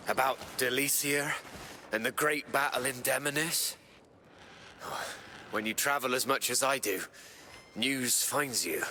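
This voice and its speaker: A kindly old wandering mapmaker. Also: male voice, mid-range voice, slight background noise. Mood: fond. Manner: warm, reflective, storytelling. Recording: game audio with music behind.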